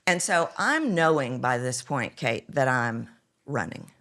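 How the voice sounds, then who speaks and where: A woman's voice: very deep voice, a little slow. A middle-aged woman with a Texan accent, a voice coach telling her story animatedly in an interview. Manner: animated storyteller, acts out quoted lines.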